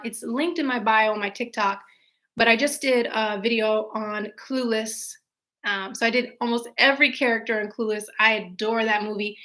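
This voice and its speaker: Bright, chatty young woman live-streaming. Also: fairly high pitch. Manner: chatty, animated storytelling with answering of viewer questions. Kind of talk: casual live-stream chat and storytelling. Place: at home.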